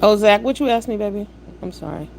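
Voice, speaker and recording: A woman's voice: medium pitch, animated, fast talker, vocal fry, darkish tone, slight background noise. A woman hosts a live stream, blunt and profane, firing off rhetorical questions and lecturing her chat. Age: 50s. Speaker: livestream host. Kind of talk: live-stream commentary with chat shout-outs.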